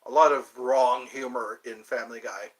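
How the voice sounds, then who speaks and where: A man's voice: mid-range voice, steady tone, moderate pace. A man hosting a casual livestream chat, rambling and thinking aloud as he digresses from one topic to the next. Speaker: host.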